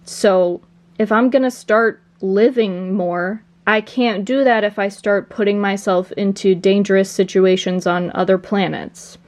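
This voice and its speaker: A woman voicing a gentle, frank young woman. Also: mid-range voice, steady tone, measured pace, natural voice. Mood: earnest. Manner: gentle, earnest.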